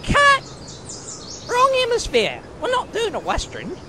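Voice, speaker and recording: A woman's voice: medium pitch, wildly swooping pitch, unhurried, very noisy. A woman voicing a fussy, bossy male film director in a cartoon, exclaiming and giving orders.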